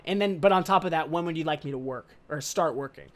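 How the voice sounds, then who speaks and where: Rambling young man, slightly high voice. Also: brisk. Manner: rambling, loose and slangy with casual swearing; excitable, upbeat. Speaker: podcast host. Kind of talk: casual podcast monologue.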